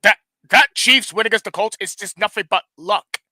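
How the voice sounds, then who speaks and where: A blunt, opinionated man co-hosts a football talk stream, tripping over his words and now and then swearing. His voice is high and strikingly sharp-edged. He is recorded dry and close, with no room sound. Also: normal speed, dry recording, poor audio. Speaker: co-host. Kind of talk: casual sports talk stream.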